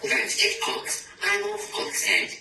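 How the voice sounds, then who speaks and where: A man voicing a polite, sly, hungry fox in a picture-book reading, smooth and coaxing. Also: slow pace, natural voice. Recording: echoey room, distant mic, noisy.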